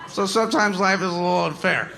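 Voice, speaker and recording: A man doing a stand-up comedy set on a live stage, rambling and self-deprecating, with many fillers and sudden shouted bits. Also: sits high, fast talker, gravelly, over a noisy crowd. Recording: noisy live stage recording.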